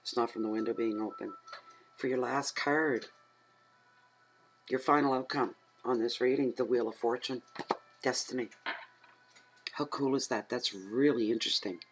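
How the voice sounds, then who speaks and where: A middle-aged woman from Atlantic Canada, a tarot reader who rambles and chats casually at home, talking aloud to herself and getting easily excited. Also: very deep voice, moderate pace, pauses often, faint music behind, rough recording. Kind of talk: casual chatty tarot reading.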